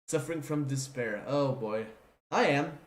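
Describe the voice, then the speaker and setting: A woman's voice: rumbling low, measured pace. A woman streamer playing a visual novel, reading its dialogue aloud and adding frank, sweary asides. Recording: roomy sound with loud game music. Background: loud game music.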